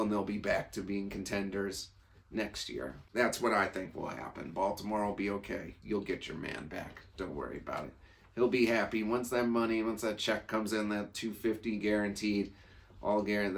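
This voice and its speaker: A man with a fairly low voice hosts a casual sports talk show on his own. He rambles through his opinions, often repeating and restarting phrases as he goes.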